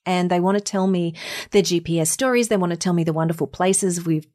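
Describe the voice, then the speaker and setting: A woman's voice: lowish voice, a little fast. Australian woman telling a story. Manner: animated, laughing, acts out quotes. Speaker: guest, voiceover artist and singer. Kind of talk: conversational storytelling.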